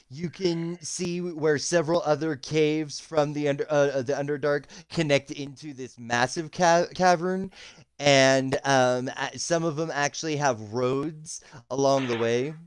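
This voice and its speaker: A man's voice: fairly high pitch, measured pace, smooth, dry recording. A man narrating a tabletop game as game master over a voice chat, hesitant with many ums. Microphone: voice chat call.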